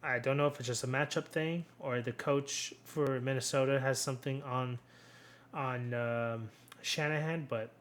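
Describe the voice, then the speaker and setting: A young man hosting a casual solo sports recap, rambling and blunt, swearing freely and restarting his sentences often. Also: mid-range voice. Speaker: sports commentary host.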